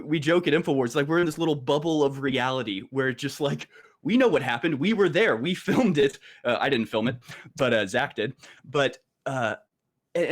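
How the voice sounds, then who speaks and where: A man talking as a guest on a casual political talk show, halting and restarting often. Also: on the high side. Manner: halting, many restarts and fillers.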